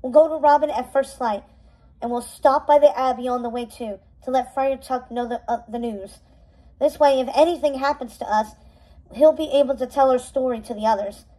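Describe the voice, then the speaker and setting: A woman's voice: high-pitched, normal speed, dark tone. A woman voicing a determined young heroine who speaks urgently and breathlessly, read aloud from a storybook. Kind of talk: storybook readaloud.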